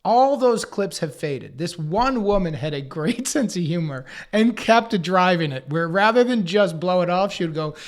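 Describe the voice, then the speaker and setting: A comedian and podcast co-host, a man, telling anecdotes in an animated way and acting out other people's lines. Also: high voice. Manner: acts out others' lines in quick put-on voices; swears casually, riffs fast.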